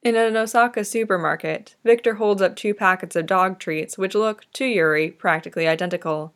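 A woman narrating a fan-fiction story in a gentle, tender manner. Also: medium pitch, brisk, hardly any pauses.

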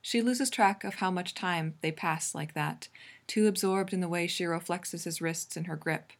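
A woman reading a fan fiction story aloud in a calm, even narrating voice. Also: fairly low pitch, normal speed. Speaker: reader.

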